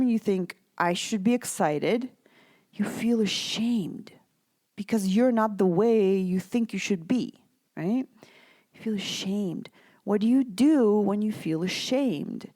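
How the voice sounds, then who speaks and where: A woman's voice: medium pitch, dark tone, no echo. A woman who coaches mothers, talking in a supportive, conversational way and often checking in with "right?". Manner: supportive, reassuring. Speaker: parenting coach and podcast host. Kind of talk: podcast coaching monologue.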